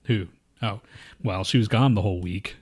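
Speaking in a lowish, slightly rough and somewhat mellow voice at normal speed, a man in his thirties co-hosts a podcast. In casual chat, he spins a long, rambling, profane story, acting out lines from his coworkers.

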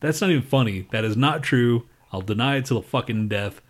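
A man co-hosting a podcast, talking in loud, profane, ranting casual banter. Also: mid-range voice, fairly quick. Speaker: podcast co-host.

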